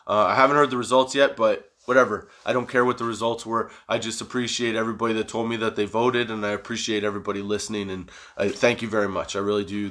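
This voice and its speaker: A man hosting his own podcast, rambling in a casual, profane, self-mocking way after staying up all night high. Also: a bit bright. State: sleepless and high. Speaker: podcast host.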